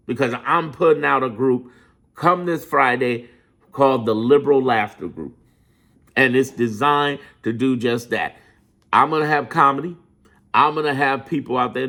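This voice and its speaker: A man with a somewhat raised pitch and a rough, gravelly edge to his voice. He talks in an emphatic, preachy way, swearing freely and hammering his points home by repeating them. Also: fairly bright tone. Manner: preachy, motivational. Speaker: political commentator. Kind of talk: impassioned political monologue.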